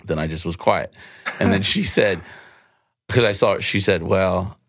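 Man with a really low voice, animated storyteller, does the voices of people he talked to. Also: normal speed, no room sound, clean studio sound. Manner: animated, acts out dialogue in quotes. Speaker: guest speaker on evangelism. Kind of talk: storytelling, teaching.

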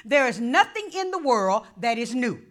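A middle-aged woman pastor preaching a sermon in call-and-response style, often breaking into shouts. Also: a little high, big pitch swings, moderate pace, poor audio.

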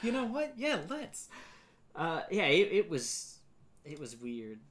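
A podcast co-host chatting casually about a movie, animated and swearing as they act out lines from it. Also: medium pitch, slow pace. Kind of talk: casual movie-review chat.

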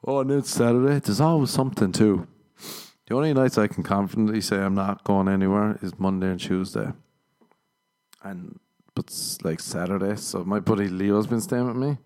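A comedian hosts his own podcast, talking solo in a lowish, darkish voice at a moderate pace. He meanders casually, pokes fun at himself, and swears often.

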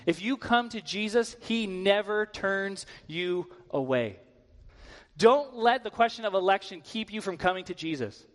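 Guy preaching in church, pretty high voice, chatty style, big echoey tail on it. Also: moderate pace. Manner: conversational, uses casual filler words. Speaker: guest preacher. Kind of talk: sermon. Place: church sanctuary. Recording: long hall reverb.

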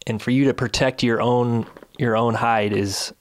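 A man vents from his couch at home in a fiery, indignant rant. He hammers away with rhetorical questions in a voice of ordinary middle pitch. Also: fairly even intonation, moderate pace. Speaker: video series host. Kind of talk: angry ranting commentary.

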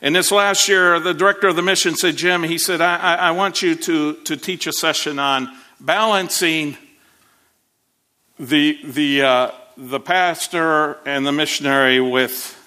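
A high, bright male preacher's voice, telling a story from the pulpit. His delivery grows animated and climbs higher as he goes. He often repeats and restarts his words. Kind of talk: sermon storytelling.

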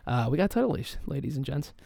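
A man's voice: mid-range voice, quick pace, vocal fry, dry recording. Guy ranting about his soccer team, swears a ton, lots of uh and like, dry close mic. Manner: swears a lot, animated fan rant; many fillers and restarts. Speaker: soccer podcast host. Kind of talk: casual solo chat.

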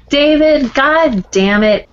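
A woman's voice: sits high, pitched above the performer's own voice, heavily acted. A woman voicing a brash female wrestler who talks in crude, bossy threats, on a dull lo-fi recording. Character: brash woman pro wrestler, boastful wife.

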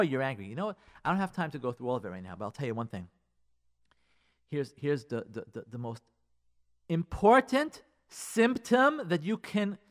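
A man's voice: medium pitch, a bit bright. A man giving marriage advice on a radio talk show, earnest and emphatic, repeating his key points and acting out quoted spouses. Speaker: radio relationship advice speaker.

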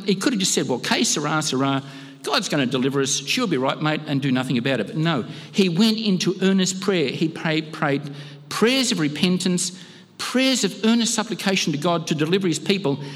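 A man's voice: high-pitched, long reverb tail. A man preaching a sermon in a conversational, earnest way, often restarting his phrases. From Australia. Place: church hall.

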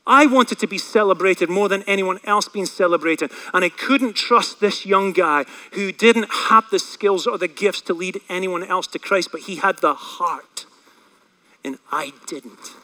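A man preaching a sermon, telling a personal story in an animated, fast way. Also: high voice, poor audio.

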